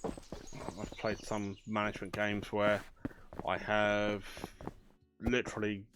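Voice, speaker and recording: A man's voice: lowish voice, monotone, slow, over music. A man chatting casually as he plays a management game, thinking aloud with dry banter. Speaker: gaming channel host. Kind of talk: casual let's play commentary.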